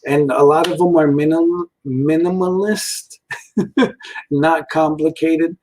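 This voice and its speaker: Speaking slowly from home, a toy and cartoon reviewer in his forties delivers a rambling, easygoing rant peppered with fillers and chuckles. His voice sits a little high, a little mellow, with fairly even intonation. There's a bit of hiss or hum, and the recording quality is low.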